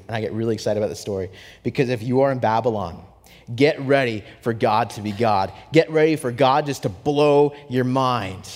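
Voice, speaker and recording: A young adult man preaching a sermon, telling a story with animated swings from hushed to excited. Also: on the high side. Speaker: pastor. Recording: long hall reverb.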